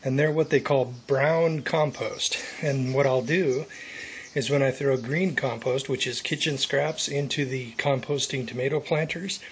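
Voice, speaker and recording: A man's voice: mid-range voice, steady tone, unhurried. Man, casual vlog monologue, thinking aloud with fillers, outdoors on a deck, camera mic, faint hiss. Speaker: home gardener vlogger.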